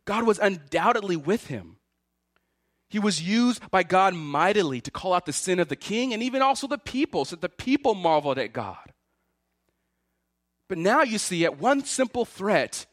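A man's voice: high-pitched, normal speed, dry recording, studio quality. A man preaching a sermon, voicing the words of biblical figures with feeling. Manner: animated preaching, voices Elijah's and God's words with feeling. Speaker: pastor.

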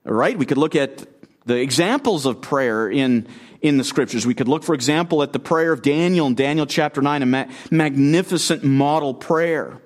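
As a guest speaker, a man with a fairly high voice preaches an expository sermon. He's earnest and emphatic, often repeating phrases and putting questions to his listeners.

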